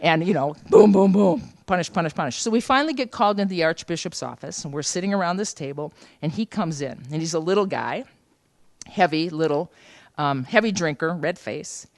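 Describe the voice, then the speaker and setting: A woman leading a journalism seminar, telling a lively anecdote and acting out the voices of the people in it. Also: low-pitched, a little fast, dry recording. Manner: lively anecdotal, acts out quoted dialogue. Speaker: journalism trainer. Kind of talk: storytelling seminar talk. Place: seminar room.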